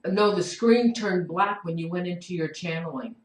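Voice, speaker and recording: A woman hosting a live online show, calm and reassuring with her guest. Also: lowish voice, normal speed, roomy sound, low-quality recording. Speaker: show host.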